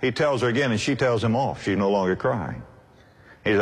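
Older male preacher with lively pitch. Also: fairly quick. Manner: emphatic repetitive preaching cadence. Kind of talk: sermon. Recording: long hall reverb.

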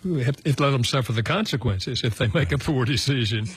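A man's voice: medium pitch, a little fast, breathy edge. An older man, a guest author, telling a personal story in an earnest, reflective way with many fillers and restarts. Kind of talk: conversational storytelling.

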